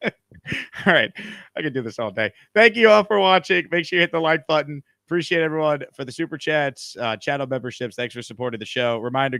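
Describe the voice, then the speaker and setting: A man's voice: mid-range voice, fairly bright tone, clear, resonant tone, no echo, clean studio sound. A man hosting a casual live stream from a hotel room, upbeat and reading out viewer comments. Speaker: show host.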